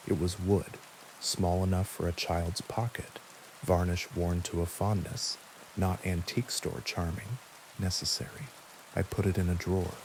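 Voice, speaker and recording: A man calmly narrating a first-person horror story in a measured, quiet way. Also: deep voice, a little hiss or hum, rough recording. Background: steady rain.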